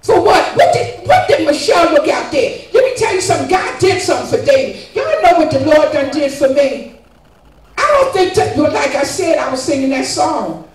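A high-voiced older woman gives a fervent church testimony, pressing her point and asking her listeners "guess what" again and again. She is picked up from far off in a very echoey church, with faint music underneath. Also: expressive, moderate pace, darkish tone. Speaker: congregant giving testimony. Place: church sanctuary. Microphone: distant room mic.

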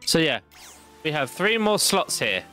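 A man's voice: on the high side, very animated, a little slow, bright, forceful tone, soft background music. A man streaming a game from home, rambling casually and poking fun at himself as he plays. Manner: rambling and self-deprecating. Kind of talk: casual live-stream commentary while gaming.

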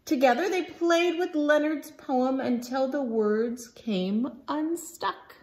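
A woman reading a picture book aloud for children, slow and expressive. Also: sits high. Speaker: storybook reader.

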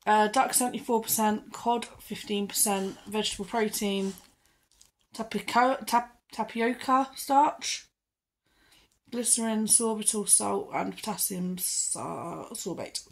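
Casual woman vlogger, mid-range voice, talks through a pet unboxing and gives her dog quick commands, noisy phone audio. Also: mid-range voice. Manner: chatty, reads ingredient lists aloud and gives her dog short commands. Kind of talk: casual chat while training her dog.

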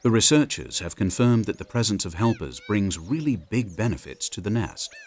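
Low-voiced male documentary narrator. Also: big pitch swings, slight background noise. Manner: measured, informative delivery. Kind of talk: scripted wildlife documentary narration.

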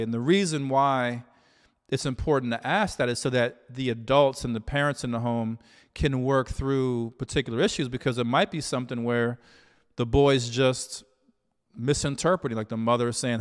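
A man talking alone to his audience as a relationship coach, in a measured, reflective way with many "you know" fillers. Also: mid-range voice, in a large hall. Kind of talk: solo talk to camera.

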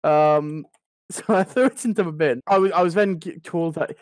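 High-voiced, animated young man. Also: moderate pace. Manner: animated, swearing, laughing through the story. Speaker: podcast storyteller. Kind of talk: casual anecdote telling.

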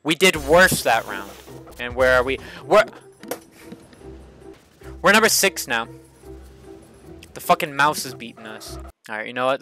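A man's voice: mid-range voice, expressive, measured pace, pauses often, sharp tone. A young man giving frustrated, swearing commentary while playing a kart racing game, repeating himself often. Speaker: gaming streamer. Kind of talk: live gameplay commentary. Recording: game music playing behind.

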